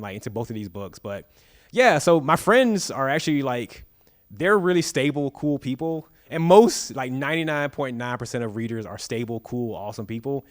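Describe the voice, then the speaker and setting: A man, an author at a live bookstore event, telling anecdotes and acting out the quoted dialogue. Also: mid-range voice. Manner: lively storyteller, acts out quoted dialogue. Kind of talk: storytelling at a live book talk. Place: bookstore stage before an audience.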